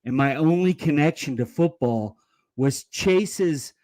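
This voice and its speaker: A man's voice: a little high, takes it slowly, a little mellow. A man from the Bay Area calling into a sports show, talking in a hesitant way that restarts and repeats words. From San Francisco Bay Area, US. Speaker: caller. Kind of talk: casual call-in chat.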